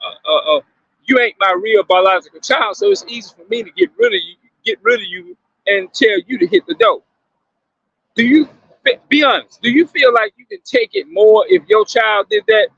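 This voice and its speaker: Gravelly man musing aloud to viewers. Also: very high voice, fairly bright tone, no room sound, dull audio. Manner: questioning, repetitive, emphatic. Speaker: commentator addressing viewers. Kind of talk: casual monologue to viewers.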